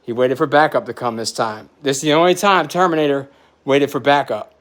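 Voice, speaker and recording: A man in his forties telling a story in a podcast chat, animated and profane, getting emotional as he talks. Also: medium pitch, fairly quick. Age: 40s.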